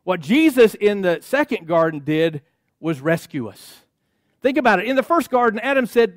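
A man's voice: high-pitched, sing-song, moderate pace, no echo, studio quality. A man preaching a sermon as a pastor, speaking emphatically and driving his points home through rhythmic repetition and call-outs to the congregation. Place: church sanctuary.

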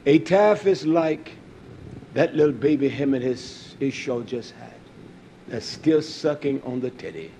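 A man preaching a sermon, emphatic, swinging between low asides and loud raised emphasis. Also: a little slow, slight background noise.

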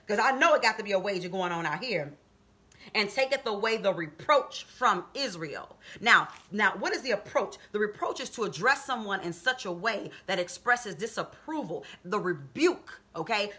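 A woman preaching a sermon, reading scripture and explaining it, then rising to high, emphatic calls to her listeners. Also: sharp tone. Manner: reads scripture and explains it conversationally. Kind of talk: sermon on a live video stream.

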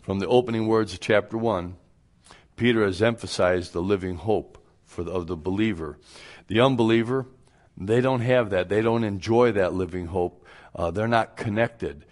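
A pastor with a lowish voice delivers a radio sermon at a moderate pace. He's down-to-earth and folksy, sometimes acting out both sides of imagined everyday conversations.

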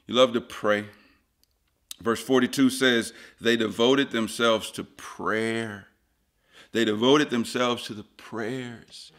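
A man preaching a sermon as pastor, swinging from hushed lines to loud emphatic ones and repeating phrases for emphasis. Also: medium pitch, fairly even intonation, slow pace.

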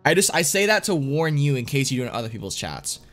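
Male streamer, casual live chat, excitable, slangy, mid-pitched voice, faint music behind. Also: fast. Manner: excitable, slangy, says dude a lot. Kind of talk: casual live-stream chat while opening card packs.

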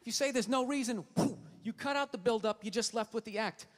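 A male stand-up comedian with a strikingly high voice, telling his story in a ranting, exasperated way. His delivery is profane and heated, built to land jokes on an audience. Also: fairly quick.

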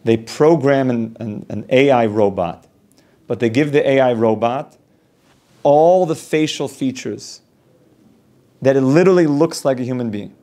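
Brief: male rabbi, mid-pitched, teaching an informal class, explains through step-by-step examples. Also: measured pace, warm tone. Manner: explanatory, builds points through long spoken examples, frequent restarts. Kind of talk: informal Torah class lecture.

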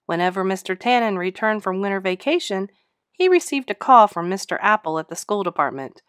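Close to the mic, a female teacher reads a children's picture book aloud with an expressive, sing-song storytelling delivery. Her voice is medium-pitched and smooth, moving a little fast, and the recording is dry.

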